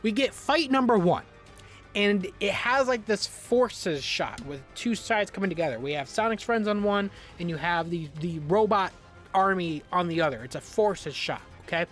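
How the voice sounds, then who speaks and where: A man's voice: high voice, moderate pace, soft background music. A man giving casual review commentary, exasperated and ranting, swearing freely and often repeating and restarting his words. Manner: animated, frequent restarts and repetitions. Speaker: video reviewer.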